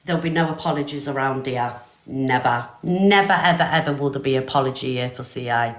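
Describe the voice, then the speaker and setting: A woman's voice: extremely low pitch, fairly even intonation, quick pace, echoey room. An older woman hosting a live stream, talking bluntly and defiantly with swearing. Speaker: livestream host.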